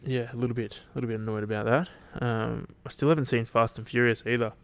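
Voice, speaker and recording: A man's voice: medium pitch, fairly even intonation, quick pace. A young Australian man hosting his podcast alone, chatting casually in a loose, rambling and sweary way. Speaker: podcast host. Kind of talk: casual solo chat.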